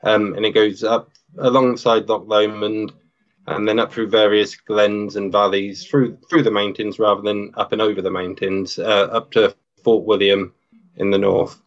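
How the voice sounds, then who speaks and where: A man, a hiking father, calmly explaining a family trek as a podcast guest. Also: lowish voice, moderate pace, muffled recording. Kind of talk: interview.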